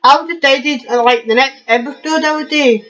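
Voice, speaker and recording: A woman's voice: high-pitched, fairly quick, a bit bright. A woman hosting a casual game playthrough, chatting loosely and laughing often. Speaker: gaming channel host. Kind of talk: casual let's-play chat. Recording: dull lo-fi recording.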